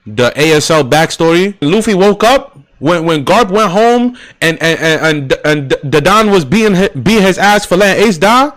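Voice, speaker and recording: A young man with a high voice chats casually as a streamer about games and anime. His pitch swings widely as he gets excitable. He talks in slang with sudden emphatic outbursts. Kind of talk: casual gaming and anime chat.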